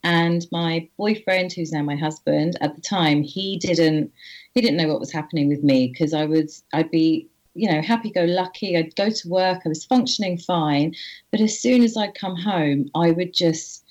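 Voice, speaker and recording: A woman guest on an interview, candidly telling a personal story in an earnest, halting way with frequent restarts. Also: on the low side, darkish tone. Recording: slightly muffled audio.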